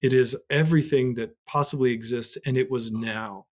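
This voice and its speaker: Speaking at a normal speed with a steady tone, a man shares a personal experience as a podcast guest, sounding earnest and reflective. His voice, typical in pitch for a man, shoots high whenever he acts out a scene in the conversational story.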